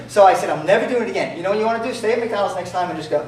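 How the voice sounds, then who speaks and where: A man's voice: high-pitched, rapid-fire, hardly any pauses. A man from New York with a New York accent, telling jokey stories to an audience as an entrepreneur and acting out the dialogue. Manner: animated, jokey, acts out dialogue. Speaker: entrepreneur speaker. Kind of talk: storytelling talk to an audience. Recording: echoey room from far off, faint noise.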